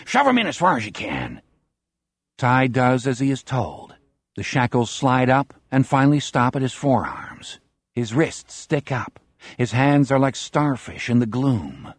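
A man reading an audiobook in a measured, dramatic narrating style. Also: medium pitch, dry recording.

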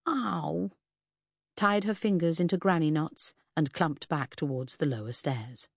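Woman reading an audiobook, kinda low voice, expressive storytelling, super dry close mic. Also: normal speed, no room sound. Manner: expressive, lively storytelling that shifts into character voices. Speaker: audiobook narrator. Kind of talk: scripted first-person audiobook narration.

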